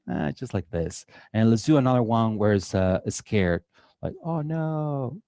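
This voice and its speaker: Low-voiced Mexican man giving a casual demo. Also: mellow, smooth. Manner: chatty and joking, with many filler uhs. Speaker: design lead giving a live drawing workshop. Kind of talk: casual live demo talk to an audience. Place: event hall with an audience.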